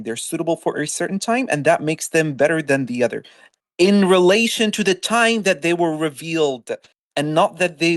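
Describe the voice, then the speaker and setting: A man calling into a live religious debate, quick and defensive, repeatedly asking for a turn to respond. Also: fairly high pitch, dry recording. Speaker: caller.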